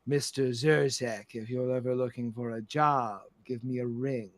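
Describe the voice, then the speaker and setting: A man voicing a sly old grandmotherly woman who leads a gang, talking slowly and softly with menacing politeness. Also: mid-range voice, fairly even intonation, no room sound, voice pushed down, close to an everyday voice. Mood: sly polite. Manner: slow, soft, purring politeness.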